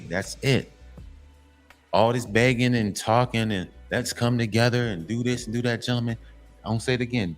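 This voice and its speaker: Man, blunt lecturing monologue, repeats himself, swears, middle pitch, faint music behind. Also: normal speed, pauses often. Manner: emphatic and repetitive, lecturing; profane, blunt. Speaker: commentary channel host. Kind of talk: monologue addressed to men.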